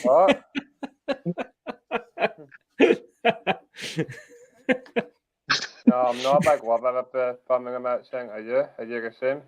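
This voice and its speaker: A man's voice: medium pitch, animated, slow pace, long pauses. A man who is a guest on a football show, talking in a laid-back, teasing way. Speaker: pundit guest. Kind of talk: casual football banter.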